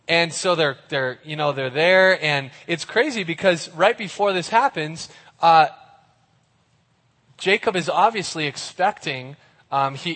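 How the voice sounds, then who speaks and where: A man preaching a lively youth sermon, joking and getting the audience to join in. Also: a little high, big-room sound. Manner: animated, jokey, gets the audience involved.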